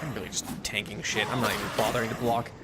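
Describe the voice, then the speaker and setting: Over heavy background noise and game music, a man with a lowish, flat-pitched voice talks fast while streaming. He rambles with fillers and restarts, laughs a lot, and lets out loud yelps whenever something goes wrong in the game.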